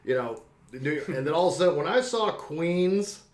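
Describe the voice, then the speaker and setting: A man's voice: a little high, animated, normal speed. Enthusiastic man in an echoey room. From spent late teens on the East Coast. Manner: enthusiastic, rambling, laughs often. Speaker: podcast co-host. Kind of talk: casual movie discussion.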